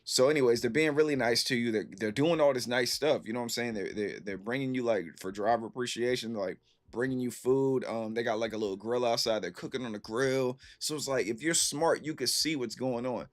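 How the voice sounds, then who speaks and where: A man in his thirties chatting casually with stream viewers, telling an animated, slangy story and repeating himself for emphasis. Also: mid-range voice, fairly quick, few pauses.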